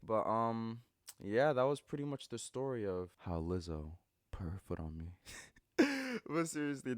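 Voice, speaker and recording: Animated young man telling a storytime vlog. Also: fairly low pitch, clear, resonant tone, no echo, studio quality. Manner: animated, exaggerated storytelling with lots of swearing. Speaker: vlogger.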